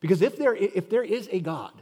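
High-voiced emphatic man preaching in a hall. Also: animated, fairly quick, darkish tone. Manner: emphatic, questioning the listeners directly. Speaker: pastor. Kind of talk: sermon. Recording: long hall reverb.

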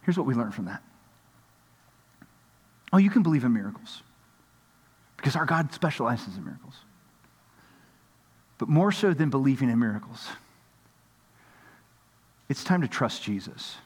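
A man's voice: mid-range voice, very animated, normal speed, long pauses, darkish tone, husky, in a large hall. A man preaching a sermon as pastor, acting out the voices of people in the story.

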